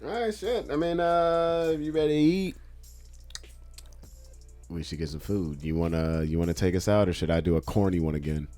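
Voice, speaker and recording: A man co-hosting a casual podcast, telling stories in a loose, profane, animated way. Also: deep voice, moderate pace, soft background music. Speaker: podcast co-host. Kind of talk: casual chat.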